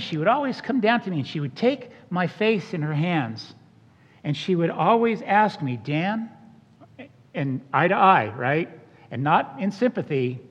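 Male pastor, high and expressive, plays out the voices he quotes, muffled hall sound. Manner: animated, acts out quoted voices. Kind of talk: sermon. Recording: dull sound with long hall reverb.

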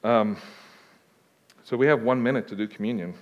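A man's voice: mid-range voice, moderate pace, highs cut off, a little hiss or hum. A man preaching a conversational sermon as a pastor, answering questions in an informal, plain-spoken way with joking asides. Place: church sanctuary. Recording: long reverb of a large hall.

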